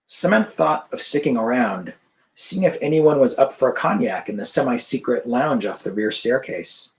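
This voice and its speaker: A male author reading his novel aloud over a video call in an even, measured narration. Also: mid-range voice, gravelly, low-quality recording.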